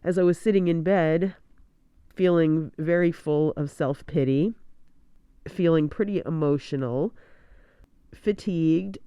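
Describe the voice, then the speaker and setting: A woman's voice: low-pitched, measured pace, long pauses, mellow, clear, resonant tone, dry recording, clean studio sound. A woman podcast host, sick with a scratchy voice, talking frankly through a mask from her bedroom at night and laughing often. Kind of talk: candid casual monologue. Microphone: home studio mic at end of bed.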